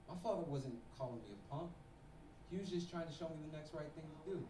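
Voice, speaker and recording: A man performing a stand-up story on stage, acting out quoted voices and hitting punchlines loudly. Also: a little high, animated, fast talker, roomy sound, distant mic, a little hiss or hum, poor audio. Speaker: stand-up comedian. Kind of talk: stand-up routine. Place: comedy club stage before live audience.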